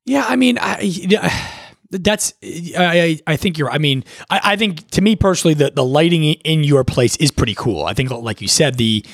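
Male podcast host, higher lively voice, stammery and chatty. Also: normal speed, creaky, dry recording, studio quality. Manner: lively, stammering, lots of agreeing interjections. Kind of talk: casual chat.

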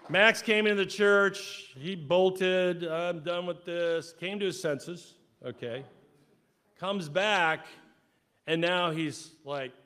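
Animated man preaching a sermon. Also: high voice, slow pace, smooth. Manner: animated, acts out quoted voices, swings loud and soft. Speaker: pastor. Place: church sanctuary.

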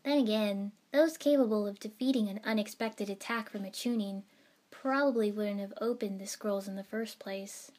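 A woman narrating a story in the first person with an even, steady reading. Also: mid-range voice, normal speed.

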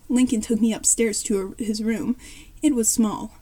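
A woman reads a fan story aloud in a high voice with a dark, mellow tone. Her narration is plain, and she now and then corrects a word partway through. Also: steady tone, normal speed.

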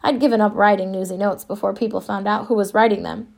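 A woman's voice: mid-range voice, steady tone, quick pace, creaky, a little mellow. A woman reading an audiobook in the first person, with a wistful, wry storytelling manner. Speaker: audiobook narrator. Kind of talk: scripted first-person narration.

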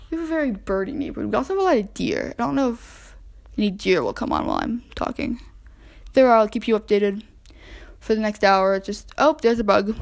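A young woman with a somewhat high, gravelly voice hosts a casual solo podcast from home. She chats and narrates the backyard animals she sees through her window, gets easily distracted, and talks to them directly.

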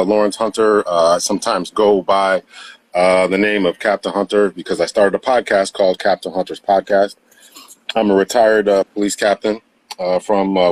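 A man in his fifties, a retired police captain, speaking as a podcast guest with a measured delivery and frequent "uh" pauses. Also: on the low side. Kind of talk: live podcast interview.

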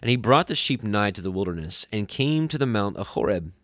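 A man reads scripture aloud in a low voice, at a steady pace. Now and then he corrects himself. The sound is dry and close, with no room around it. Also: a little fast, no room sound. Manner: steady reading with small self-corrections. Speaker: scripture reader.

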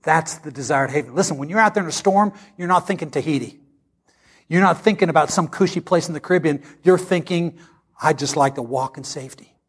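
A pastor delivering a sermon, reading scripture dramatically and preaching with passion. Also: male voice, on the high side, a little fast, breathy edge.

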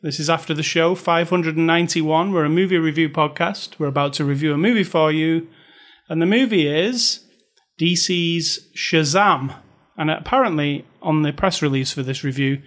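This movie review podcast host speaks at a moderate pace in a fairly high, somewhat bright voice. His casual banter with the co-host is chatty and joking, and he reads aloud with dramatic stress.

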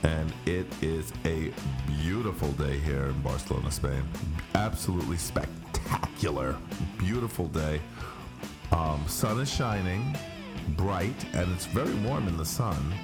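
Deep-voiced grumbling male podcast host. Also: measured pace, loud music behind the voice. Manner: grumbling, mock-aggravated, sing-song greetings. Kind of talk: casual chat. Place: home studio in Barcelona.

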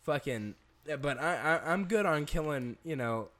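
A man's voice: on the high side, lively intonation, normal speed, fairly bright tone. A young man co-hosting a podcast, telling a rambling, profane story in casual chat and laughing often. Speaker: podcast co-host.

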